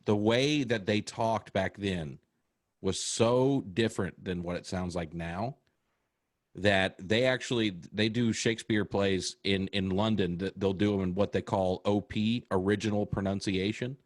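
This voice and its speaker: An American man, a comedian, chatting casually on a podcast and explaining things with animated storytelling. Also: on the low side, a little slow, dry recording, clean studio sound. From United States. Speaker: comedian guest.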